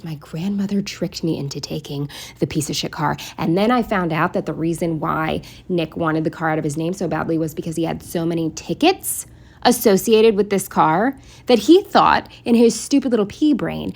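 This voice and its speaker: A woman's voice: fairly low pitch, animated, normal speed, creaky. A young woman venting in a casual, rambling storytime, exasperated and swearing freely. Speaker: planner vlogger.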